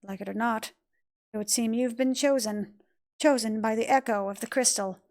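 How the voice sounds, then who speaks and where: A woman voicing a mysterious, calm young boy from a game cutscene, speaking in a soft, measured, cryptic way. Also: a little high, lightly acted. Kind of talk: reading game cutscene lines aloud.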